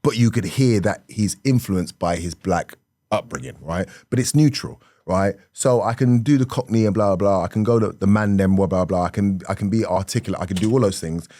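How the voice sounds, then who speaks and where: A middle-aged man with a South London accent, a comedian telling stories on a podcast in a lively, laughing way that keeps slipping into acted voices. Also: on the low side, fairly quick, no echo. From South London, England. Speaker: comedian guest. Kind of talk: animated podcast storytelling.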